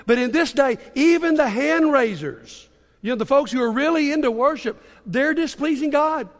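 A man's voice: extremely high pitch, lively intonation, moderate pace. A man preaching a sermon to his congregation, conversational and joking in his asides, in a church auditorium. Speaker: pastor. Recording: long hall reverb.

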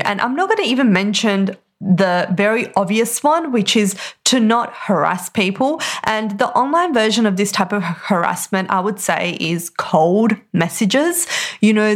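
A chatty woman in her thirties hosts a podcast in an animated, conversational way. Her voice sits at a middle pitch, and her talk is full of casual fillers. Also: moderate pace. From Australia. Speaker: podcast host. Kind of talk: casual storytelling monologue.

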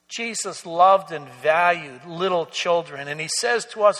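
A man delivers a sermon in an unhurried, earnest way, drawing out each phrase. His voice is bright and pitched a little high for a man. It rings with the long reverb of a church sanctuary. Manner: slow, earnest preaching with soft, drawn-out endings. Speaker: pastor.

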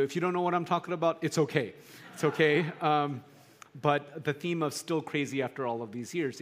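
A middle-aged man preaching a sermon in a conversational, animated way, building to emphatic peaks. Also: mid-range voice. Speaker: pastor.

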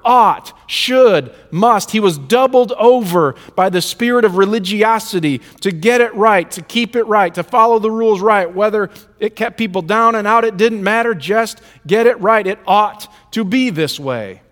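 Pastor guy with a high voice, preaching in rhythmic repeated lists, long church echo. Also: moderate pace, few pauses, a bit bright. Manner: emphatic, rhythmic lists and repetition. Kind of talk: sermon. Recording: reverberant hall.

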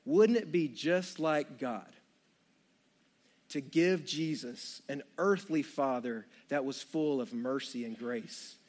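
A man's voice: medium pitch, takes it slowly, a little mellow. A young man preaching a sermon, retelling the story with jokey asides and playful asides to the congregation. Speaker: pastor.

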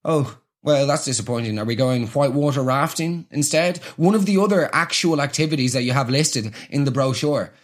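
A man's voice: mid-range voice, expressive, a little fast, hardly any pauses. A man delivering a mocking, sweary comedy rant with exasperated energy.

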